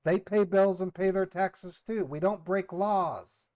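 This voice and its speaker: High-voiced indignant man on a prank call. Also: measured pace, darkish tone, no echo. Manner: indignant, defensive, rambling protests. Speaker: scambaiter posing as a caller. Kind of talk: prank call role-play.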